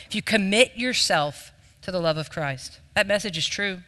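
Guy giving a casual sermon, smooth resonant voice, kinda high, echoey hall. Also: expressive, moderate pace, bright, forceful tone. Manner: conversational and self-deprecating. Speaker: speaker leading a devotional. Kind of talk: informal sermon to a live room. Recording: reverberant hall.

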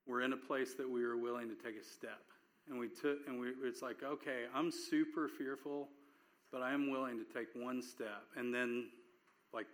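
A man's voice: mid-range voice, a bit bright. A man preaching in a conversational sermon, telling a personal story earnestly with frequent restarts.

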